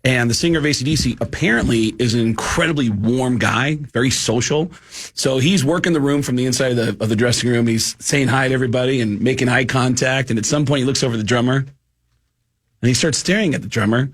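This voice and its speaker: A man, a comedian guest, telling an animated comedy anecdote and acting out the characters. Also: medium pitch, fast. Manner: animated storyteller, acts out characters.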